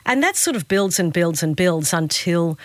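A woman's voice: on the low side, animated, normal speed, no echo. A middle-aged woman with an Australian accent, a guest journalist telling workplace stories in a reflective podcast interview. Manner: reflective storyteller, acts out quoted dialogue.

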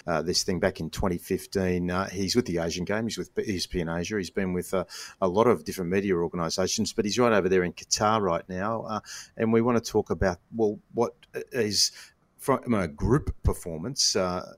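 A man's voice: low-pitched, steady tone, fairly quick, dry recording. A man hosting a football podcast, chatty and full of fillers. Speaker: podcast host. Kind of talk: casual chat with an ad read.

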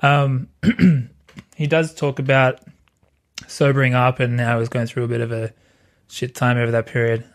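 A man's voice: medium pitch, level tone, moderate pace, pauses often. Laid-back joking male podcast host. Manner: laid-back, jokey, swears freely. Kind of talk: casual chat.

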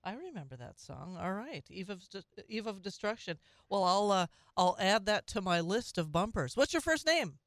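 A woman's voice: mid-range voice, big pitch swings, moderate pace, hardly any pauses, no room sound, clean studio sound. A woman hosting a call-in talk radio show, speaking conversationally with frequent restarts and asides.

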